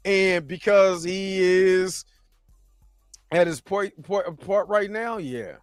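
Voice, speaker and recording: A man's voice: sits high, slow pace, clear, resonant tone, no room sound, studio quality, faint music behind. A man hosting a casual livestream, reading chat and talking in a laid-back, chatty way. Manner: laid-back, chatty, often laughing and trying voices.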